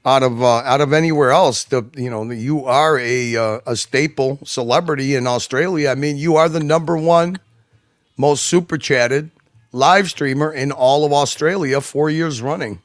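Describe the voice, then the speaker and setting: A man's voice: mid-range voice, moderate pace, no echo, clean studio sound. A man talking as a guest on a livestream, rambling and emphatic, with many restarts and asides. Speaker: guest commentator. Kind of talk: casual livestream chat.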